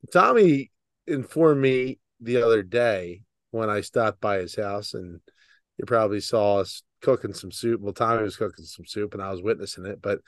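A man's voice: fairly low pitch, fairly bright tone, no echo, clean studio sound. A man co-hosting a casual podcast, teasing his friend and asking curious questions. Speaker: podcast co-host. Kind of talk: casual chat.

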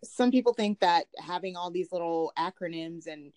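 A woman's voice: lowish voice, normal speed, darkish tone, dry recording. Woman chatting, blunt and jokey, laughs a lot, dry close sound. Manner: laughing, frank, folksy sayings. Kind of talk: casual podcast chat.

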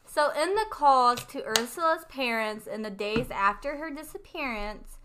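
A woman's voice: on the high side, expressive, a little slow, background noise. A woman co-hosting a casual true-crime podcast, reading out case details with tentative asides. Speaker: podcast co-host.

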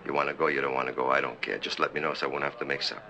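A middle-aged actor playing a weary, matter-of-fact father in a 1960s film drama, with a gravelly voice and an offhand manner. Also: extremely low pitch, very fast, slight background noise, exaggerated voice, rough recording. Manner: flat, offhand and practical.

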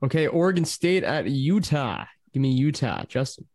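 Brisk man hosting a picks show. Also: medium pitch, big pitch swings, a little mellow, no room sound. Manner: brisk, calls on each panelist by name. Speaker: host. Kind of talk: casual podcast chat, running weekly picks.

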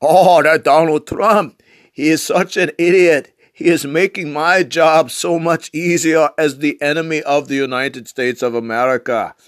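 A man's voice: a little high, fairly even intonation, measured pace, dry recording, clean studio sound, lightly acted. A man putting on a weak Russian accent to voice a gloating male Russian leader.

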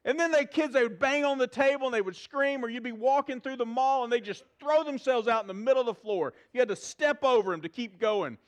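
A middle-aged man, preaching a sermon in a church to a live audience, animated and humorous, asking the crowd questions. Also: extremely high pitch, a little fast, hardly any pauses. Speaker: pastor.

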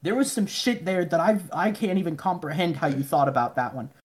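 A man's voice: fairly high pitch, expressive, fairly quick. Profane rambling man telling stories. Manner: profane, rambling, acts out quoted people in mumbly voices. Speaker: podcast guest. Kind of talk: casual storytelling chat.

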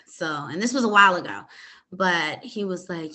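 Young woman, lowish pitch, bright edge; podcast host recounting a story, unhurried, hesitant, full of fillers. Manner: calm, hesitant retelling with many fillers. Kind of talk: personal storytelling.

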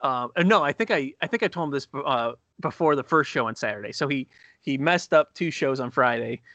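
A man co-hosting a casual chat podcast, a comedian telling anecdotes with animated asides. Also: mid-range voice, fairly quick, no echo. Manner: storytelling, animated impressions in anecdotes.

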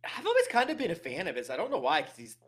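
A man co-hosting a fight-picks show, talking hesitantly with many pauses and fillers. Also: fairly high pitch, huge pitch swings, a bit bright, breathy edge. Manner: hesitant, full of ums. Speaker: regular co-host. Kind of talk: casual betting chat.

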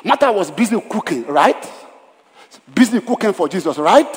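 Male pastor mid-sermon, emphatic with hushed drops, slightly high voice, echoing church hall. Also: expressive, normal speed, a little hiss or hum. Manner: emphatic, swings between loud and hushed. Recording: long hall reverb.

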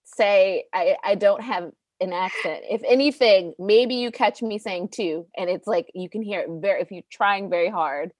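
A woman from Baltimore with a subtle Baltimore accent, chatting as a guest and telling relaxed stories. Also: mid-range voice, moderate pace, few pauses, no room sound. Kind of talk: casual interview chat.

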